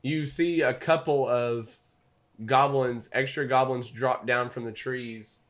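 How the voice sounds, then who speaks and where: A man running a tabletop game, narrating scenes in a loose, rambling way full of fillers. His voice sits at an ordinary pitch for a man. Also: fairly even intonation, slow pace, a bit bright. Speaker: game master.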